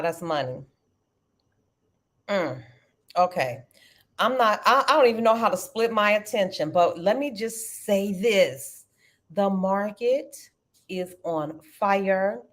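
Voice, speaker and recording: A woman's voice: mid-range voice, lively intonation, takes it slowly, pauses often. A middle-aged woman hosting a live trading stream, chatting animatedly and calling her viewers y'all. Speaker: livestream trading host. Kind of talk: casual live-stream chat.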